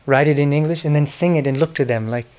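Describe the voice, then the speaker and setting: A middle-aged man speaks fast in a fairly high, smooth voice, giving a reflective lecture on spiritual history. His storytelling is earnest and devotional, with quoted names softly whispered.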